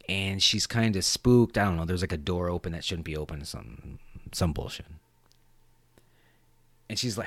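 A man hosting a podcast, retelling a film scene in a rambling, profane, animated way. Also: mid-range voice, dry recording, clean studio sound. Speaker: podcast host. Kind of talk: casual film chat.

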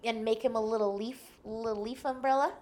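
A woman's voice: on the high side, brisk. A young woman chatting as a podcast guest, telling a story animatedly and acting out the lines of the people in it. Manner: animated, acts out quoted lines, laughs often. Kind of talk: casual storytelling chat.

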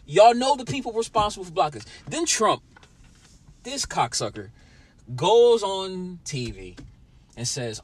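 A man's voice: high-pitched, sing-song, normal speed, husky. A young man hosting a podcast, ranting with lots of swearing and talking straight at his listeners in a sour, angry mood. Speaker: podcast host. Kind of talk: profane solo podcast rant.

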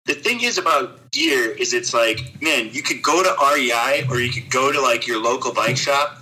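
A man's voice: mid-range voice, expressive, moderate pace, bright, forceful tone, low-quality recording. A man chatting casually on a podcast, rambling and swearing, full of "dude" and "you know". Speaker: podcast co-host, cycle traveler.

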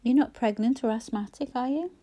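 A woman's voice: a little high, a little fast, dark tone, pitched above the performer's own voice, lightly acted. A woman voicing a polite, considerate young man in a storybook. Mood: earnest. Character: kind, helpful young man, earnest.

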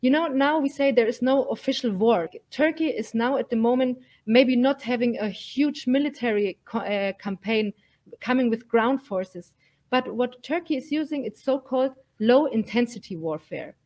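A woman's voice: fairly high pitch, normal speed, darkish tone. Earnest woman speaking with emphasis. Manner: earnest, emphatic, frequent fillers. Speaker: guest, militia fighter. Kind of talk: earnest interview talk.

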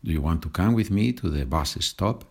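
A man with a Spanish accent, teaching a Spanish lesson in a slow and patient way and moving between example sentences and explanations. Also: deep voice, lively intonation, a little mellow, slightly rough. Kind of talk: language lesson podcast.

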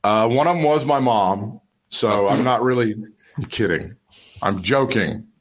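A man's voice: fairly low pitch, measured pace. A man co-hosting a podcast in casual chat, crude and joking, laughing often. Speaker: podcast co-host.

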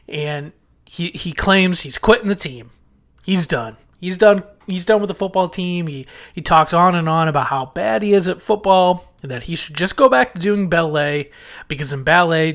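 A man talks through a sitcom episode in a relaxed, conversational recap. His voice sits a little higher than most men's. He retells scenes and quotes the characters as he goes. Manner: chatty, retelling scenes with quoted lines and small restarts. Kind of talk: casual recap commentary.

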